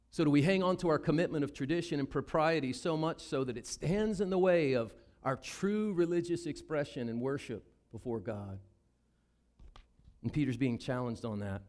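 Animated Southern preacher man. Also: fairly high pitch, normal speed. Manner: animated, acts out Bible characters in voices. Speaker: pastor. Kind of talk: sermon.

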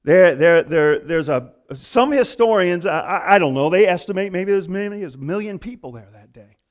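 A man's voice sits high as he preaches with conversational energy, dramatizing quoted speech and breaking off to begin his ideas again.

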